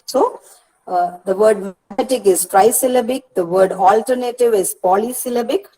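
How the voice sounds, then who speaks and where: Patient woman lecturing, slow repeated examples. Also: fairly high pitch, dark tone, low-quality recording. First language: Malayalam. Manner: explains patiently, repeats words slowly, corrects herself. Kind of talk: recorded lecture.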